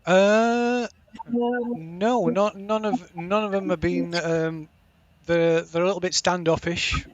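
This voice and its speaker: A man's voice: sits high, steady tone, slow, lo-fi sound. A man running a tabletop game, hesitating with many ums. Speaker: game master.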